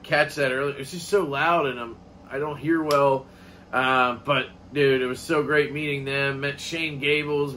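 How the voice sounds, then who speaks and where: A man's voice: fairly high pitch, bright, forceful tone, a little hiss or hum. A man vlogging in a casual, rambling way, swearing offhandedly as he chats. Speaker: knife collecting vlogger. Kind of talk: casual chat.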